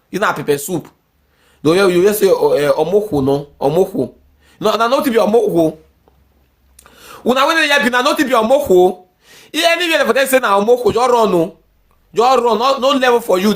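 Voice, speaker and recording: A woman's voice: medium pitch, animated, fairly quick. A woman with a Nigerian accent ranting angrily in heated social media commentary. She repeats herself often and mixes pidgin with English.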